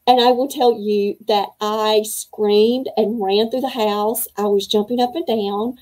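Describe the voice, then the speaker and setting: A middle-aged woman hosting a virtual writing conference, telling her story in an emotional, faith-filled, excited way. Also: mid-range voice, measured pace, rough recording. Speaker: conference organizer and host. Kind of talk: welcome speech to a virtual conference.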